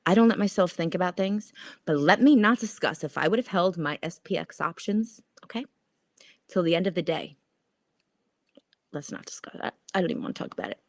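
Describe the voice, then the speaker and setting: Speaking briskly in a low-leaning voice, a woman hosts a casual stock trading livestream and reads comments from viewers. She swears, laughs, and jokes at her own expense with plenty of energy, and there's no room sound.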